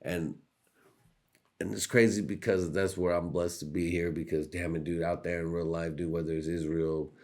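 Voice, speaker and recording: With a low, darkish voice, a level tone and normal speed, a young man hosts a podcast. He rambles through a casual comedic monologue that is profane and jokey, often slipping into put-on voices.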